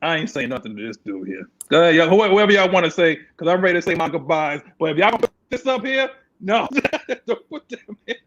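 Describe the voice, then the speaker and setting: A man co-hosting a casual sports chat show, animated and laughing often. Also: a little high, fast, dull audio. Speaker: co-host.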